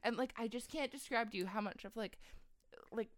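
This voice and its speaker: A woman's voice: on the high side, brisk. A young woman co-hosting a podcast, chatting casually and giggling, filling her speech with "like". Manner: giggly, says "like" a lot, lively. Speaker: podcast co-host. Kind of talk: casual chat.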